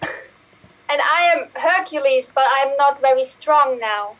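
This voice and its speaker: Woman doing naive young hero, very high, bright, whiny. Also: takes it slowly, low-quality recording. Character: Hercules, weak naive young male hero. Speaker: improv performer.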